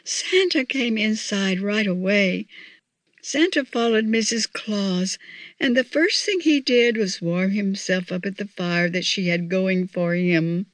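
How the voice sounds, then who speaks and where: Woman reading a kids christmas story, unhurried, dry close sound. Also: mid-range voice, no room sound. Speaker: audiobook narrator. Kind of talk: children's story narration.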